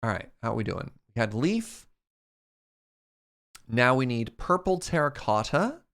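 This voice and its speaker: A man's voice: medium pitch, very animated, unhurried, a bit bright. A man streamer chatting casually with his chat while playing a game, laughing often.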